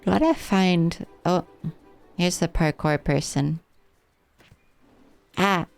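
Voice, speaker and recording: A woman's voice: on the low side, takes it slowly, gravelly, darkish tone, faint music behind. A woman streaming a game live, chatting playfully with her viewers as she plays. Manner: playful, rambling, chats with viewers.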